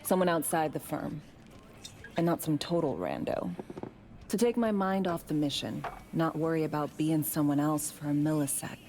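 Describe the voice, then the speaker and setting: A woman's voice: sits low, lively intonation, moderate pace, a little mellow, a little hiss or hum. A woman voicing a weary female corporate operative in video game dialogue, talking in a tired, candid and subdued way.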